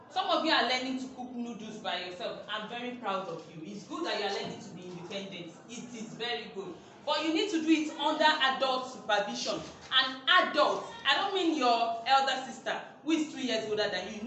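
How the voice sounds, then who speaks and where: A woman teacher, giving an online safety lesson to young children, slow and emphatic, repeating her points. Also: high voice, a bit bright. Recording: very echoey room, faint noise.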